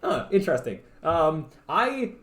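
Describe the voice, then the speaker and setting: A man's voice: fairly high pitch, very animated, a little slow, a bit bright. A young man from Canada chatting casually with stream viewers, rambling and stuttering with lots of fillers. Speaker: livestreamer. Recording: roomy echo.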